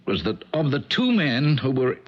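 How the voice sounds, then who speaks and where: An actor playing a worried friend who stammers over bad news, in a 1970s radio drama. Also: male voice, mid-range voice, huge pitch swings, normal speed. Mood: uneasy. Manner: hesitant, stammering. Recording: dull old radio broadcast.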